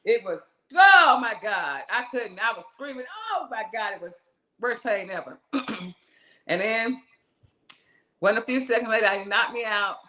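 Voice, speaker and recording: A woman's voice: fairly high pitch, a little slow. Middle-aged woman telling a story animatedly. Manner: animated, acts out the voices in her story; loose, conversational, restarts and asides. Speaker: guest musician. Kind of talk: personal storytelling in an interview.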